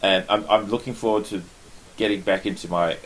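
An Australian man with a fairly low voice hosts a relaxed chat. He rambles, trips over his words and corrects himself, chuckling along the way. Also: a little fast, slight background noise. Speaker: podcast host. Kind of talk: casual chat.

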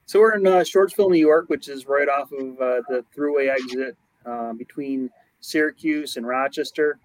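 A man's voice: mid-range voice, moderate pace, dry recording, low-quality recording. A company manager answering interview questions, a man who speaks plainly with many hesitations.

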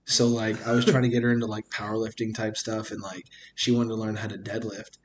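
A man's voice: on the low side, level tone, fairly quick, a little hiss or hum. A man in casual chat, rambling with lots of fillers, joking around and laughing often. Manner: jokey, breaks into mock voices.

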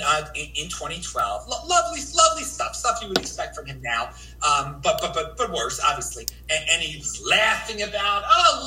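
Excitable American man, echoey distant mic. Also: on the high side, slight background noise. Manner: animated, rambling, stammers and repeats words. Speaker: guest. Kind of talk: livestream interview.

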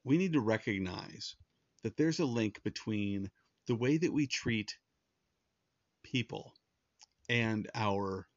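A man's voice: lowish voice, lively intonation, slow, pauses often, dry recording, dull audio. A man preaching a sermon in an earnest, conversational way, often restarting his sentences. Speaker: pastor.

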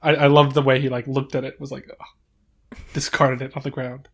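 A man co-hosting a casual podcast, recapping scenes in a rambling, halting way with many restarts. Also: medium pitch, level tone, vocal fry. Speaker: podcast co-host. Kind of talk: casual chat.

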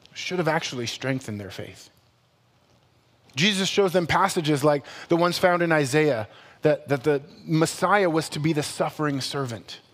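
A male pastor preaching a sermon in a conversational, animated way, with playful asides and quick self-corrections. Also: a little high. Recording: long hall reverb.

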